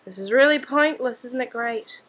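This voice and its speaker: A woman's voice: fairly high pitch, moderate pace, fairly bright tone, rough recording. Chatty Australian teen girl rambling. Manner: chatty, scattered, self-deprecating, many fillers. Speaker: student vlogger. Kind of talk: casual rambling vlog.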